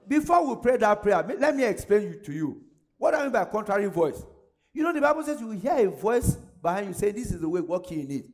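A man's voice: sits high, animated, brisk, a little mellow. A male pastor leading his congregation in fervent prayer, calling out prayer points for them to repeat and breaking into speaking in tongues.

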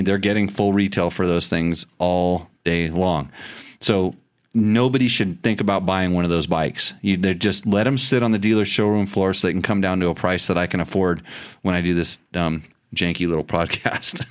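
A man's voice: low voice, normal speed, clean tone. A middle-aged man hosting a casual podcast, joking and teasing, often restarting his sentences. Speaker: podcast host. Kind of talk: casual chat.

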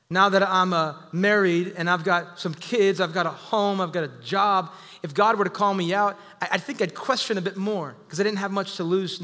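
High bright-voiced preacher man. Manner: energetic, calls out to the congregation. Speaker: pastor. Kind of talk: sermon. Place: church sanctuary. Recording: echoey hall.

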